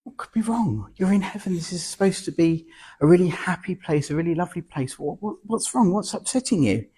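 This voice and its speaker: A man voicing a gentle, kindly male saint in heaven, within a joke told to an audience. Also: sits high, lively intonation, a little fast, breathy edge, voice pushed up. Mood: concerned.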